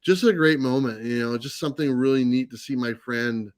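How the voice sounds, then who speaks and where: A man's voice: mid-range voice, a little fast, no room sound. A man telling a long anecdote in a casual livestream chat, full of fillers and restarts. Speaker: comics channel host. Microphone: live stream mic.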